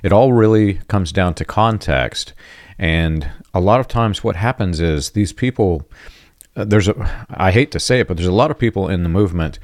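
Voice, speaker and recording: A man with a very low, deep voice speaks in an earnest, emphatic way, circling back to repeat his key points. The sound is close and dry, with no room around it. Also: normal speed, no room sound. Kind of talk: conversational commentary on religion.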